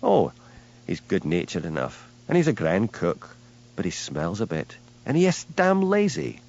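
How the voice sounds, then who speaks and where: A man playing a lazy, easygoing village policeman with a Scottish Highland accent, mild and unhurried. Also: wildly swooping pitch, gravelly, darkish tone, highs cut off, heavily acted. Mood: exasperated.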